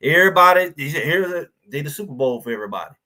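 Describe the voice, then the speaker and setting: A man's voice: a little high, lively intonation, fast talker, bright, forceful tone. A man hosting a live sports talk show, talking casually and animatedly about college football, slipping into quoted voices. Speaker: show host.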